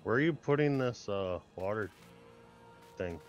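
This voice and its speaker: A man trading crude, teasing jokes while playing a game with friends. His voice sits fairly low. Faint music hangs in the background. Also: animated, unhurried, lo-fi sound. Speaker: co-player. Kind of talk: casual game chat.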